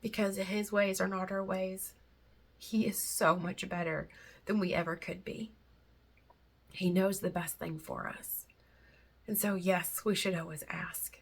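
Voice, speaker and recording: Woman, faith vlogger, gravelly voice, husky tone, earnest, chatty and rambling. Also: medium pitch, fairly even intonation, unhurried, pauses often. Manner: earnest and heartfelt, close to tears at times; chatty and rambling between thoughts. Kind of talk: casual faith talk to camera.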